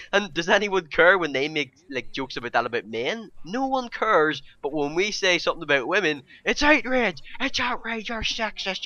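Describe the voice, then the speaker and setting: Young male vlogger, fairly high, forceful voice, exasperated rant with outbursts. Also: no room sound, highs cut off. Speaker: YouTuber. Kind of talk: ranting vlog.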